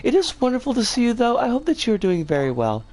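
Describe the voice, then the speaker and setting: A game streamer chatting casually on a livestream, rambling with playful slang, their voice rough and scratchy today. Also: medium pitch, wildly swooping pitch, quick pace, darkish tone.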